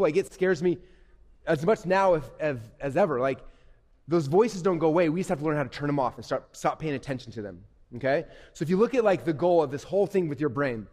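Fast-talking man speaking in a hall. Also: a little high. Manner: energetic, repetitive, conversational. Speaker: motivational speaker. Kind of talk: live motivational talk to youth. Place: stage at a live event. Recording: echoey hall.

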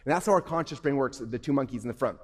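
In an echoing event hall, a workshop presenter with a mid-range voice talks at a racing pace to a youth audience. His delivery is upbeat and interactive, punctuated by frequent "okay?" check-ins.

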